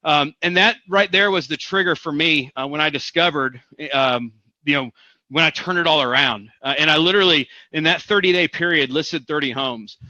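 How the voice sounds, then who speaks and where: Bright-voiced energetic male coach. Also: fairly high pitch, moderate pace, no room sound, muffled recording. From Missouri. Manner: energetic, emphatic, repeats for punch. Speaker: real estate coach. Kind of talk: motivational seminar talk.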